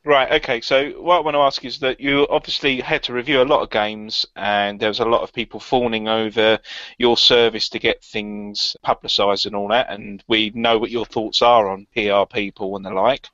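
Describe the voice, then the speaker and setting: A man's voice: lowish voice, steady tone, moderate pace, pushed and bright, no echo. A man, an interviewer who asks long, winding questions and thinks aloud as he goes. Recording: dry, dull lo-fi sound.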